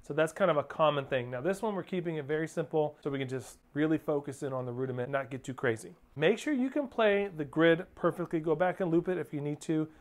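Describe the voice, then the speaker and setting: A man's voice: a little high, fast, hardly any pauses. A man teaching drum rudiments step by step, patiently calling out counts and stickings. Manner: counts beats and calls stickings aloud; patient, plain coaching. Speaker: drum instructor. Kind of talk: step-by-step music lesson. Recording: clear clicking noise behind voice.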